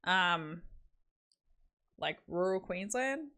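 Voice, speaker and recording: A woman's voice: fairly low pitch, lively intonation, extremely slow, pushed and bright. A young Australian woman streaming live, chatting casually in a rambling, giggly way with lots of "like". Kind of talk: casual chat.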